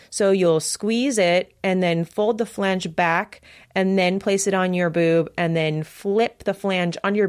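A woman hosting a podcast, giving upbeat, chatty advice and asking her guest questions. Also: mid-range voice. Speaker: podcast host. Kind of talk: casual podcast chat.

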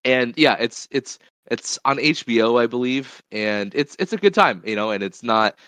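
A man co-hosting a casual movie chat podcast, halting with frequent ums and easy laughs. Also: mid-range voice, animated, a bit bright, no echo. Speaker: podcast co-host.

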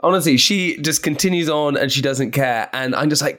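An excitable man in his thirties from England chats as a podcast guest. His voice sits a little high, and his stories jump around animatedly, punctuated by bursts of laughter. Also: moderate pace. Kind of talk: casual chat.

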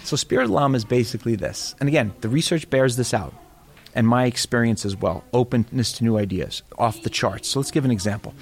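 Quick talking middle-aged guy from boston and new york, animated, does little impressions mid-story. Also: mid-range voice. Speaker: speaker on innovation. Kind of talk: casual chat with comic impressions.

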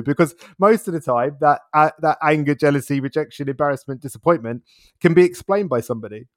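A man's voice: fairly high pitch, expressive, quick pace, no room sound, studio quality. A man as an interview guest, talking in a reflective, casual way, laughing often and repeating words as he thinks.

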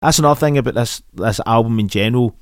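A man's voice: medium pitch, fast talker, smooth, no room sound, clean studio sound. A young Scottish man hosting a podcast, chatting casually in a blunt, sweary, mocking way. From Scotland. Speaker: podcast host. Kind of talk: casual chat.

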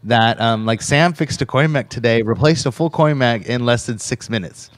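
A man's voice: medium pitch, moderate pace, no room sound. A man co-hosting a livestream who tells a long casual story about his day, rambling with many repeats of "he goes" and raising his voice to act out quotes. He is tired and his voice is off tonight. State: voice problems, tired from a busy day. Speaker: co-host, vending operator.

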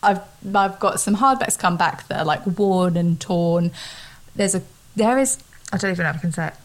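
A woman's voice: on the low side, lively intonation, normal speed. A young woman co-hosting a podcast, chatting casually with jokey asides. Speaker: podcast co-host. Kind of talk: casual chat.

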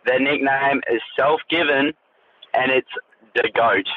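A man's voice: mid-range voice, steady tone, measured pace. A man with an Australian accent leaving a blunt, sweary voice message for a podcast. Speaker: listener voice message. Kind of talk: casual voice message. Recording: tinny phone line, faint noise.

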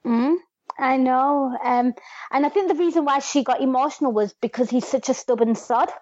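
A woman's voice: high voice, moderate pace, darkish tone, no echo. A woman co-hosting a podcast, earnestly retelling scenes from a TV episode at length. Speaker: podcast co-host. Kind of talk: casual chat recapping a TV episode. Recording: dull lo-fi mic.

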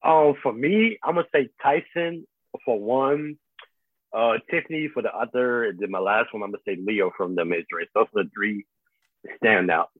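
A man's voice: on the low side, normal speed, no echo. Hesitant man on a tinny phone line. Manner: hesitant, many ums. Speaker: podcast guest. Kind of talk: casual podcast chat. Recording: husky tinny phone-like call audio.

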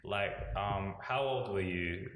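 A man's voice: low voice, unhurried, a bit bright. A man hosting a podcast, asking questions in a teasing, blunt way and swearing casually. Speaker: podcast host. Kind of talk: casual interview chat. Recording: echoey room, faint background noise.

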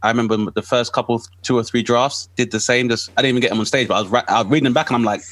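A man hosting a casual chat, upbeat and encouraging, with quick interjections. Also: mid-range voice, steady tone, fairly bright tone, dry recording.

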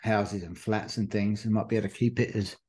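A man's voice: fairly low pitch, fairly even intonation, fairly quick, darkish tone. A man hosting a running podcast, telling stories loosely with lots of fillers. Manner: rambling storyteller with many fillers. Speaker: podcast host. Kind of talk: casual chat.

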